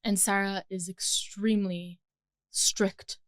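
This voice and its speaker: A woman's voice: medium pitch, flat delivery, slow, dry recording, studio quality. A young woman co-hosting a podcast in playful, teasing casual chat, giggling often. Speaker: podcast co-host.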